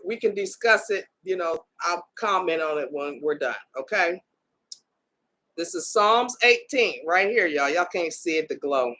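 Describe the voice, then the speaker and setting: A woman's voice: mid-range voice, a bit bright. A middle-aged woman hosting a live-streamed faith podcast, talking casually and exhorting her listeners, often tagging her lines with "okay?" and "y'all.".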